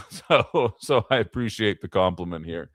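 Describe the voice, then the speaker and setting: A man's voice: lowish voice, lively intonation, measured pace, no echo, studio quality. A man hosting a casual political livestream, talking in a rambling way with fillers and asides to his chat. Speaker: livestream political show host.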